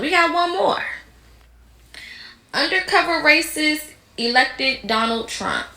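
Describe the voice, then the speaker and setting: A woman's voice: on the high side, pushed and bright, roomy sound. A woman hosting a podcast, giving heated, indignant commentary on clips. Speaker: podcast host.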